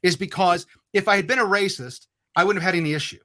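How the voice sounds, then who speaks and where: A man tells a story as a podcast guest, his voice pitched high with a sharp, bright edge. He rambles loosely, swears freely and trips over his own restarts as he goes. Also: fast. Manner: rambling, profane, frequent restarts. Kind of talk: casual storytelling.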